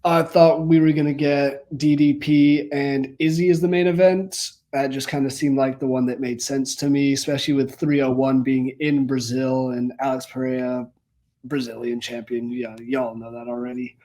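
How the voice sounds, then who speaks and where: A man's voice: mid-range voice, little pitch movement, normal speed, dark tone. Young male co-host, easygoing chat delivery, mid-range voice. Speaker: co-host of an MMA podcast. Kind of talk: casual podcast chat.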